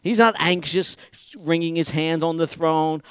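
A man's voice: a little high, a little slow, clear, resonant tone, dry recording, clean studio sound. A middle-aged man preaching a sermon, acting out quotes with big swings in volume. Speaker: pastor.

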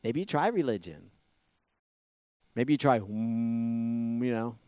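A man preaching a conversational sermon, repeating phrases and asking the listeners questions, swinging from loud emphasis to hushed asides. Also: mid-range voice, slow, smooth, no echo, studio quality. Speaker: pastor.

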